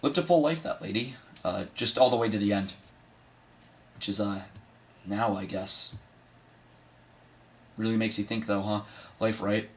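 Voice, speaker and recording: A washed-up middle-aged horse, as a man plays him, talks in a somewhat low voice with dry, bitter sarcasm. He is self-deprecating and keeps undercutting his own grief with jokes. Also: a little slow, pauses often, a little hiss or hum. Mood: sardonic. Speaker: son giving a eulogy. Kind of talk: comedic dramatic monologue.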